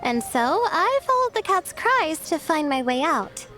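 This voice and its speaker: A shy, sleepy young scholar. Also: female voice, high-pitched, big pitch swings, measured pace, music in the background. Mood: calm. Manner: soft-spoken, hesitant, stammering. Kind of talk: game voice acting.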